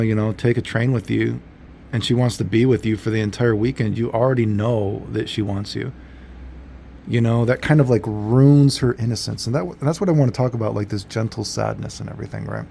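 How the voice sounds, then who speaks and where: Man, casual storytelling vlog, gravelly, dark mellow tone, rambling. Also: medium pitch, slight background noise. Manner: rambling, laid-back, many fillers and self-corrections. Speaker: vlogger.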